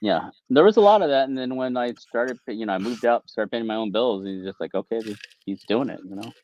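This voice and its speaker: A man guesting on a podcast, talking in a relaxed, rambling way full of "you know". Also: mid-range voice, fast talker, highs cut off, slight background noise. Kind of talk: casual podcast chat.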